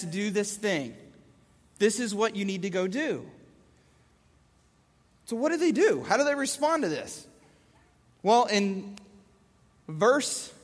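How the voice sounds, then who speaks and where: A man delivers a sermon in a very high, bright, forceful voice. He tells his stories with lively energy and acts out the scenes. His voice rings through a large hall with long reverb. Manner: animated storyteller acting out scenes. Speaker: pastor.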